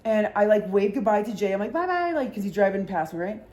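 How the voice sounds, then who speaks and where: A woman's voice: mid-range voice, steady tone, quick pace, dark tone. A woman in a mid-range voice tells a story in a loose, chatty ramble. She swears freely and fills her talk with fillers. She slips into other people's voices when she quotes them. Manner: acts out voices in quoted dialogue. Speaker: vlogger. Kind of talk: casual storytime chat.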